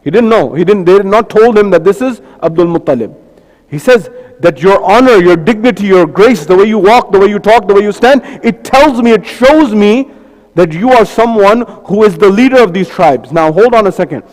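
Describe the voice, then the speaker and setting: A man's voice: high-pitched, lively intonation, normal speed, a little mellow. A male preacher in a mosque giving a sermon, telling a story with repeated phrases and lists. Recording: long reverb of a mosque hall.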